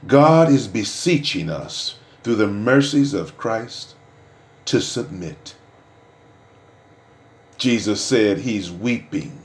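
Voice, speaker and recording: Animated preaching man in a roomy space. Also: on the low side, slow, pauses often. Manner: swings between hushed murmurs and loud shouted peaks. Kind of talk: preaching with personal testimony. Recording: roomy echo.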